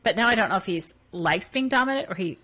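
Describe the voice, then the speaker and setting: A woman's voice: mid-range voice, lively intonation, fast, fairly bright tone. A woman hosting a casual studio radio chat, reading dating profiles aloud with playful, wry asides. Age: over 33. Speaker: radio show host.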